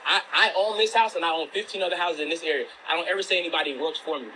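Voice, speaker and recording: High, fast-talking boastful man. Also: bright, forceful tone, slight background noise, rough recording. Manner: boastful and scolding. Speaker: man in a played video clip.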